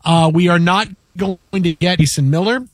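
High-voiced animated sports radio man. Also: moderate pace, no echo, studio quality. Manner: animated storyteller, acts out quotes. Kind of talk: casual sports talk.

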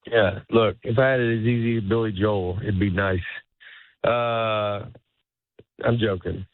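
A comedian talking as a guest in a casual interview, rambling and cutting himself off, laughing often. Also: male voice, fairly low pitch, steady tone, measured pace, dry recording. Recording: tinny phone-like line.

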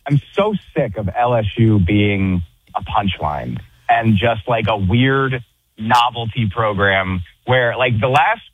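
A man's voice: fairly low pitch, slow. A man ranting in exasperation during a casual chat, calling in from a rooftop. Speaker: guest podcast co-host. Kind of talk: casual chat over a call. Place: on a roof. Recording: tinny phone-like line.

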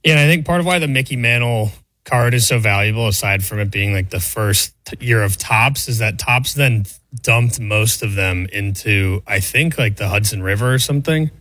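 A man's voice: on the low side, normal speed, fairly bright tone, no echo. Brief: male radio co-host, dry wit, close dry mic. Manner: wry, offhand, dry humor. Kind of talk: casual chat.

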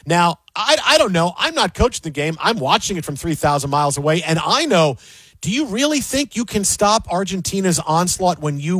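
Emphatic high-voiced sports talk host. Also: male voice, fairly bright tone, no echo. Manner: emphatic, opinionated, jokey.

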